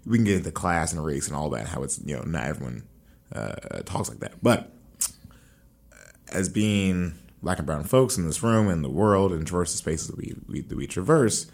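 A man's voice: deep voice, animated, normal speed, creaky, a little mellow. A man hosting a podcast, talking things over in a thoughtful way and searching for his words. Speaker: podcast host. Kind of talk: casual conversation.

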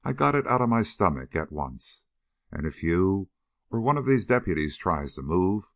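A man's voice: sits low, big pitch swings, normal speed, creaky, a bit bright, no room sound, studio quality, exaggerated voice. A man reading an audiobook voices a hard, cold-nerved male adventurer who gives curt, cold commands. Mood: snarling.

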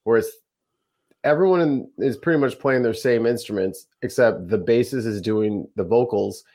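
Man, podcast producer, chatty, rambling, ordinary pitch. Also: normal speed, warm tone. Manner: chatty, rambling, laughing asides. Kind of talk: casual chat.

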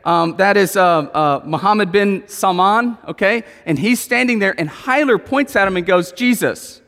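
A man preaching a sermon in an animated way, asking his listeners questions and telling stories about his family. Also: high voice, normal speed, long reverb tail. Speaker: pastor.

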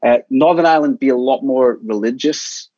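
Husky Scottish pastor, dry teasing wit. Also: male voice, medium pitch, brisk, mellow, no room sound, lo-fi sound. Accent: Scottish, softened. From Scotland. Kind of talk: casual podcast chat.

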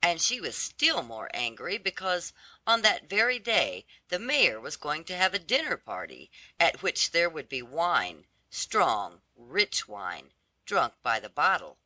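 A storybook narrator reads slowly, the pitch rising and falling with lively expression. The tone is bright and crisp, and the recording is dry and close. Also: dry recording. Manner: slow, lively, storybook delivery. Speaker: audiobook narrator. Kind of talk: scripted narration of a fairy tale.

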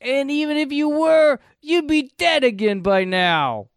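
Squeaky, indignant young reporter, put on by a man in a mocking high voice; dry close sound. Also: lively intonation, a little slow, dry recording, heavily acted. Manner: high-pitched mocking impression.

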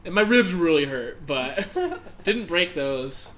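Bright-voiced young man telling a wild story. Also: on the high side, slow pace. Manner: animated, laughing storyteller acting out his own reactions. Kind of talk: casual storytelling chat.

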